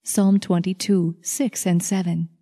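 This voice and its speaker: Slow, deliberate woman reading scripture. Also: lowish voice, flat delivery, mellow. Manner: measured, deliberate delivery. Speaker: scripture reader.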